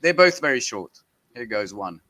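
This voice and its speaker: A man's voice: mid-range voice, sing-song, moderate pace, bright, forceful tone, low-quality recording. A man hosting a panel podcast, leading the talk with a wry, joking manner. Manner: wry, joking, leads the discussion. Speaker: podcast host. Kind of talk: casual panel discussion.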